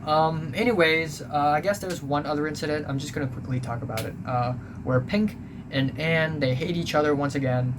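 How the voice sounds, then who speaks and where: A man's voice: fairly high pitch, a little fast. Rambling young man with a hum behind. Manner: rambling, full of ums and uhs, offhand and blunt. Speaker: vlogger recapping school life. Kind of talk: casual storytelling. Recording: home recording with steady background noise.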